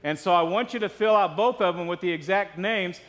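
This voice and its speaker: A man's voice: high voice, brisk, fairly bright tone, long reverb tail. A man preaching a sermon as pastor, earnest and conversational, with frequent asides to the congregation.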